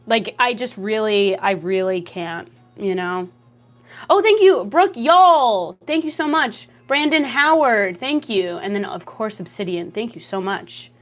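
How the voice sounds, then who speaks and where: A young woman livestreams from home, reading and answering chat comments in a loose, jokey way. Her voice jumps up in pitch when she gets excited, and she speaks into a desk mic. Faint music plays under her talk. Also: a little slow, hardly any pauses. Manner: lively, jokey, reacts to chat with laughs and big pitch jumps. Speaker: streamer.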